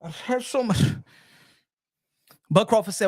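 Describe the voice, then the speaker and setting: A man's voice: very high voice, very animated, moderate pace, no echo, clean studio sound. A man, ranting as a profane, mocking boxing commentator.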